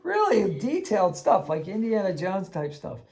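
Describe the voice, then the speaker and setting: A man casually recounting a tabletop game he ran for kids, animated and laughing, acting out the voices he quotes. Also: high-pitched, normal speed, gravelly. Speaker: game master teaching kids. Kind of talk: casual anecdote storytelling.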